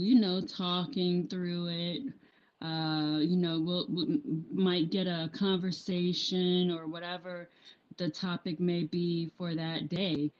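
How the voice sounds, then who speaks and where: A woman's voice: lowish voice, a little mellow. A woman chatting casually on a live stream about her handmade apparel business, rambling with lots of ums and restarts. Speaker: small business owner vlogging. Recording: dull lo-fi sound.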